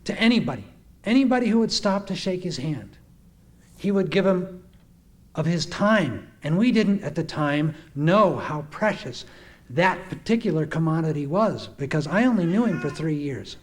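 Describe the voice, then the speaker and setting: Earnest man with a higher voice. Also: lively intonation, normal speed. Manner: earnest, reminiscing, acts out quoted speech. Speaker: speaker giving a testimonial. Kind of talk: heartfelt spoken tribute to a gathering.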